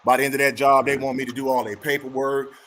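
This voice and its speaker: A man's voice: medium pitch, flat delivery, fast talker, a bit bright. A man in casual chat, telling a story animatedly and acting out both sides of the dialogue.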